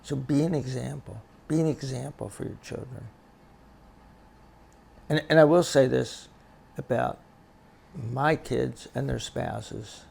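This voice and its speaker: An older man speaks very slowly, with a deeply gravelly, crackly voice at an ordinary pitch. He talks haltingly, often stumbling and repeating words, as a grandfather reflecting on his life. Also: darkish tone. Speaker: grandfather sharing life advice. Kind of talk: casual reflective monologue.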